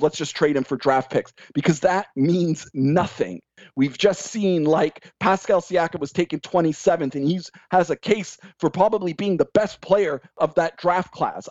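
A man's voice: a little high, a little mellow, dry recording. A man in casual podcast chat, ranting emphatically and mocking others' opinions in quoted voices. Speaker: podcast guest. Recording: dull, lo-fi sound.

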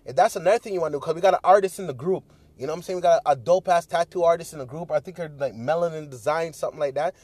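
A man's voice: on the high side, very fast, a little mellow, breathy edge, dry recording. A young man hosting his own podcast in a casual solo monologue, rambling and swearing freely, with many fillers and restarts. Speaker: podcast host.

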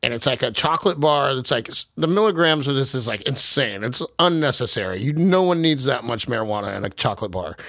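A man's voice: medium pitch, animated, fast talker, hardly any pauses, a bit bright, dry recording, studio quality. A young man on a podcast, chatting casually over a video call and telling stories while laughing and swearing. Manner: laughing storyteller, swears freely. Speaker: podcast host. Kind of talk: casual chat.

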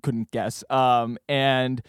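A man's voice: mid-range voice, very slow, clear, resonant tone, no echo, studio quality. A young man co-hosting a podcast, telling a road story in casual chat, acting out what people said with lots of fillers. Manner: animated, acts out quoted voices, many fillers. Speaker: podcast co-host.

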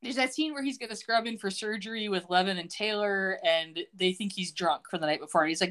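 Medium in pitch and a bit bright, her speech is fairly quick with few pauses. The podcast co-host recaps a TV episode casually, laughing frequently and replaying scenes in quoted voices.

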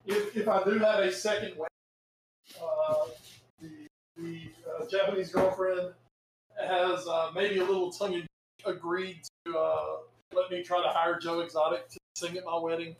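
A man co-hosting a podcast in casual chat, excitable and animated, breaking into shouted asides. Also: high voice, moderate pace, reverberant, a little hiss or hum, rough recording. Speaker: podcast co-host.

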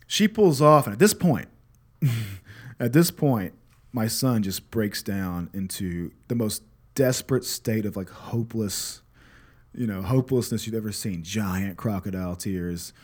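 A man's voice: lowish voice, lively intonation, unhurried. A man in his thirties, a father and podcast host, telling a casual story in a candid, swearing, self-deprecating way that turns reflective.

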